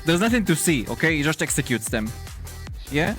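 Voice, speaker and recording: A male VTuber streamer chatting casually with his viewers, animated, laughing often and swearing freely. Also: a little high, brisk, faint music behind. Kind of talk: casual live-stream chat.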